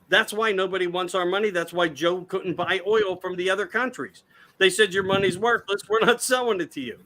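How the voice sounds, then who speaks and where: A man in his sixties talking politics in a rambling, halting way, restarting his sentences. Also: on the high side, pushed and bright. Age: 60s. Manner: rambling, halting with repeated starts. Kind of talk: casual political talk.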